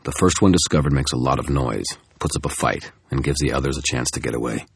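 A man's voice: extremely low pitch, fast talker, slightly rough, dry recording, clean studio sound, full character voice. A man voicing a snarling cursed werewolf man. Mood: tense. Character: cursed young werewolf man, fierce and wild. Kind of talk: audiobook narration.

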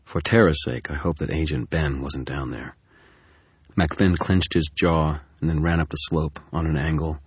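A male narrator tells a first-person story in a steady, dry manner. His voice is extremely deep with a husky grain. The recording is dry and close to the mic. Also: normal speed, no echo. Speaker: audiobook narrator.

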